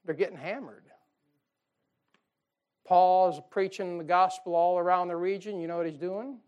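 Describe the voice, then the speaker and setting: A man's voice: sits high, fairly even intonation, moderate pace, darkish tone, smooth, dull audio. A middle-aged man preaching a sermon as pastor, in a folksy, conversational way with chuckles and asides.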